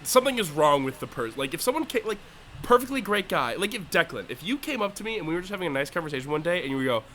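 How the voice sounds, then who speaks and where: A man's voice: on the high side, rapid-fire, a little hiss or hum. A young man co-hosting a comedy podcast, chatting casually and jokingly with friends. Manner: animated, jokey, puts on silly voices. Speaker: podcast co-host.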